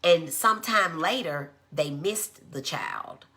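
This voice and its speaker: A woman giving a conversational live-streamed educational talk. She acts out quoted speech in a high voice. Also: lively intonation, takes it slowly, bright, forceful tone. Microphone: phone.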